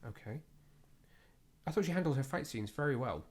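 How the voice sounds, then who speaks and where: A man's voice: medium pitch, lively intonation, brisk, a crowd in the background. A man co-hosting a podcast, talking casually with lots of fillers and self-deprecating asides. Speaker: podcast co-host. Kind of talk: casual chat.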